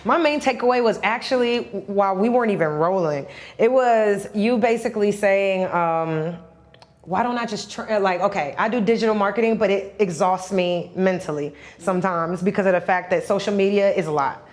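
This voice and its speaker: A woman's voice: mid-range voice, moderate pace. A woman who works in marketing and runs her own business, explaining her reasoning thoughtfully in a casual chat. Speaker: marketing officer and entrepreneur.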